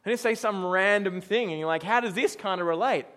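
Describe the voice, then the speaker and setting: A middle-aged man with a high, light voice preaches to a congregation. His manner is chatty and anecdotal, and he stops now and then to put questions to his listeners. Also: brisk, pushed and bright. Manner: conversational, storytelling, asks the congregation questions. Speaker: pastor. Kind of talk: sermon.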